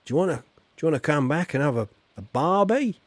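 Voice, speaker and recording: Man doing a mock-Australian bloke, hammy, slangy, cheerful, rushing. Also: fairly high pitch, lively intonation, no room sound, voice pushed up. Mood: jokey. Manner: hammy, exaggerated slang, speeding up. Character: jokey stereotyped Australian bloke, cheerful and laid-back.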